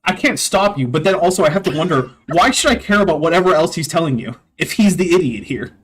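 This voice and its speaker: A man's voice: on the high side, animated, fast talker, slightly rough. A man hosting a reaction stream, talking in a rambling, casual way with lots of fillers and sarcastic asides. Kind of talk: casual chat.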